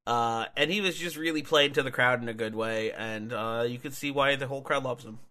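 A man's voice: mid-range voice, brisk, sharp tone. A man co-hosting a casual podcast, talking loosely with lots of fillers and restarted sentences. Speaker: podcast co-host reviewing wrestling matches. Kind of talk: casual chat.

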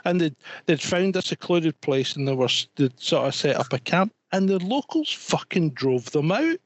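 A middle-aged man talking on a podcast. His voice sits a touch higher than most men's. He chats casually but gets worked up, repeating phrases and swearing. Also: very animated, moderate pace, dry recording. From Scotland. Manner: indignant, repeats himself, swears. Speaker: podcast co-host. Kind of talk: casual chat.

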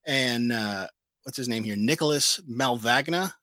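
A man co-hosting a casual pop-culture show, reading out news items in a relaxed, filler-heavy way. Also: medium pitch, measured pace, no echo. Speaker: co-host. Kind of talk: casual chat about comic and pop news.

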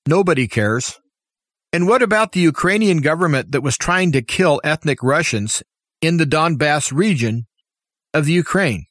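A man delivers a fiery political commentary monologue, firing off rhetorical questions one after another. His voice sits a little on the high side for a man. The sound is close and dry, with no room around it. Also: lively intonation, moderate pace, fairly bright tone, no room sound. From United States. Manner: impassioned, opinionated, full of rhetorical questions. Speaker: talk show host.

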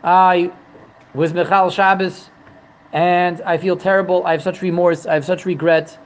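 A man's voice: high voice, level tone, moderate pace, a little hiss or hum, lightly acted, poor audio. A man voicing a condemned man who pleads for mercy and piles up promises to repent. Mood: pleading.

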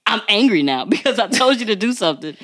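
A woman co-hosting a podcast in casual chat, animated and laughing often. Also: fast talker. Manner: animated, laughing often, jumps to very high pitch. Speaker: podcast co-host.

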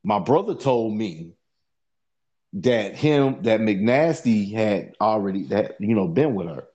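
A man's voice: fairly low pitch, lively intonation, slow, darkish tone, dull audio. A man telling a long profane story in a casual podcast chat, rambling and repeating "you know what I'm saying" as he goes.

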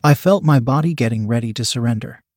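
A man's voice: medium pitch, fast, darkish tone, no echo. Man reading an erotic story, dry sound. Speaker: narrator.

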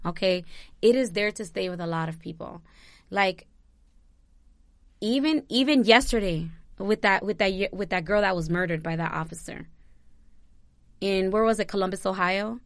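A woman's voice: medium pitch, normal speed, pauses often, no room sound. A young woman from New Jersey vlogging, giving impassioned personal commentary that circles back on itself, close to tears and swearing freely. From New Jersey, USA.

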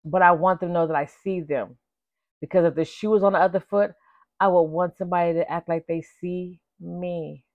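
Woman in her forties, hoarse voice, chatty, calls listeners baby, lowish pitch, dull lo-fi dry sound. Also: fairly even intonation, normal speed, no room sound. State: voice giving out, slightly hoarse. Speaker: vlogger. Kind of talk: casual chat to viewers.

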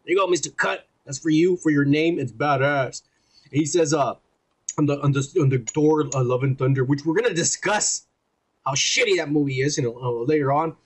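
A man with a Texan accent co-hosting a podcast in loud, profane, joking casual chat. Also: a little high, a little fast, husky. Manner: profane, boisterous, laughing often. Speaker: podcast co-host.

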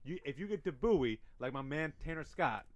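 A man's voice: on the high side, animated, fairly quick, dry recording, dull audio. A man co-hosting a casual sports podcast, talking through minor-league stats and often restarting his sentences. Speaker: podcast co-host.

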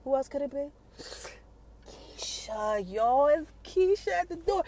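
A woman's voice: high-pitched, brisk. A woman hosting a podcast, giving a casual TV episode recap and keeping her listeners involved with questions. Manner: animated, keeps asking the listeners questions. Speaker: podcast host.

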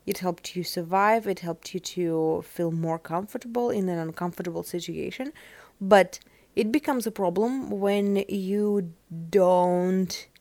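Russian accented woman hosting her podcast, rambly, kinda low voice, dry close sound. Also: a little mellow, dry recording. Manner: rambling, searches aloud for words. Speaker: podcast host. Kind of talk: casual solo podcast talk.

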